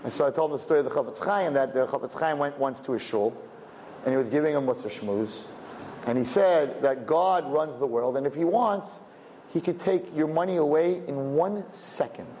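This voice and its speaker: A man in his fifties telling a story in a religious talk, swinging between quiet asides and loud emphatic bursts. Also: a little high, normal speed. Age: 50s. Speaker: religious teacher. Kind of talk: storytelling lecture. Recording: echoey hall with faint background noise.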